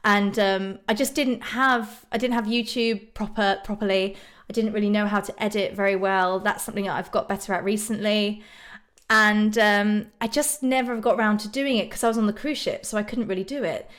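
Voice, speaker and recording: A woman's voice: mid-range voice, steady tone, normal speed, fairly bright tone. A woman from Ireland chatting casually on a live stream, reading out viewer comments and answering them. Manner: bubbly, frequent ums and laughs.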